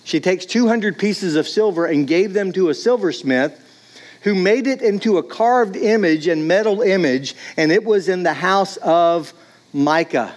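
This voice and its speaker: A man's voice: high voice, measured pace. A man preaching a sermon in a casual, conversational way, often saying "like". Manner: casual, conversational, many "like"s, acts out voices. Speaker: pastor.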